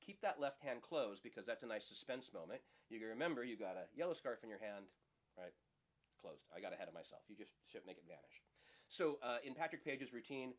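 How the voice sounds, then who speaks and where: Lively middle-aged man teaching magic. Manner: lively, playful, acts out audience lines in high voices. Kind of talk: casual demonstration lesson.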